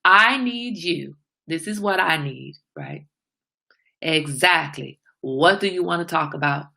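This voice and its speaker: A woman's voice: sits low, slow pace, creaky, sharp tone. A woman hosting a casual morning livestream, chatting and greeting viewers by name as she reads their comments. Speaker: livestream host.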